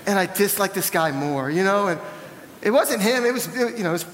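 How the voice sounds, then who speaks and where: Animated high-voiced preacher. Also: male voice, fairly quick, big-room sound, slight background noise. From American South. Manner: candid storytelling, animated and self-deprecating. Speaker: pastor. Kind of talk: sermon. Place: church hall.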